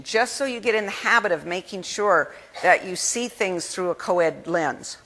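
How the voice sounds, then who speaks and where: A woman giving an energetic keynote speech at a conference, talking in a lively, conversational way and acting out the people she quotes. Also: lowish voice, normal speed, hardly any pauses. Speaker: keynote speaker. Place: conference hall. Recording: long hall reverb.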